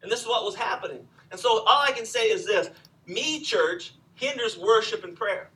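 A man preaching a sermon, telling the story with animated swings from loud to hushed. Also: sits high, moderate pace, recorded from a distance, rough recording. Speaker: pastor.

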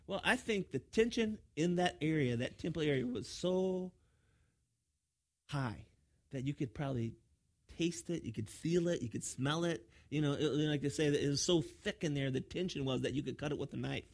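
A man's voice: fairly high pitch, fairly quick, darkish tone. A man preaching a sermon as pastor, emphatic, often repeating his words as he drives a point home.

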